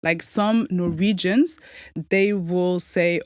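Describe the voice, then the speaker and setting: A young adult woman from Somalia, raised in Norway, speaking as a podcast guest in a measured, reflective way. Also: on the low side, no room sound, studio quality. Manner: measured and reflective, many soft "mm" replies. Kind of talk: conversational interview.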